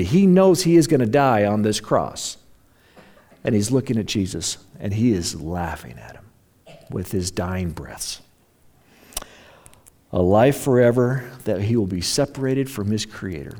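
Male pastor, low mellow voice, dramatic sermon delivery with acted-out quotes. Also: lively intonation, unhurried. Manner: dramatic preaching, voices the mocking crowd and criminals.

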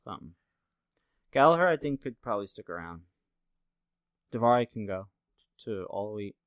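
A man's voice: lowish voice, sing-song, moderate pace, clear, resonant tone, no echo, muffled recording. A man co-hosting a wrestling podcast in casual chat, talking in an offhand, slightly exasperated way. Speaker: podcast co-host.

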